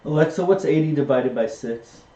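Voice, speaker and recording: A man's voice: mid-range voice, moderate pace, mellow, highs cut off. A man in the background grumbling offhand about a computer problem. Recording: roomy, distant home recording.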